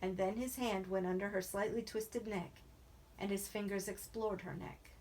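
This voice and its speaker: A woman reading a novel aloud in a steady, even narrating voice. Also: mid-range voice, moderate pace, slight background noise. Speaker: reader.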